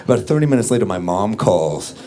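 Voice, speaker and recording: A man doing a stand-up comedy set, telling stories in a deadpan way and acting out the quotes. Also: on the low side, a little fast, background noise. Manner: deadpan storytelling with acted quotes. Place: comedy club stage. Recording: live club set, loud crowd laughter. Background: audience laughing.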